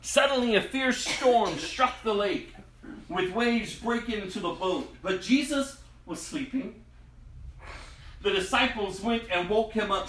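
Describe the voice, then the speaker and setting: A man's voice: high-pitched, lively intonation, unhurried, a bit bright. A man preaching a sermon in a dramatic, emphatic way, his voice rising and falling sharply. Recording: echoey room, distant mic.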